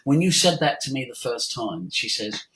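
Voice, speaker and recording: A man's voice: medium pitch, slight background noise, poor audio. Emphatic middle-aged male voice coach. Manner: slow, emphatic, uses his voice to demonstrate; lively storyteller. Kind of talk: interview, teaching by demonstration.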